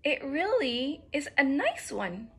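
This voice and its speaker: A woman's voice: sits high, sing-song, slow, vocal fry, sharp tone, voice pushed up, heavily acted. A woman doing a small sweet bluebird. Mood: apologetic. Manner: sweet, apologetic. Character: small cheerful young female bluebird.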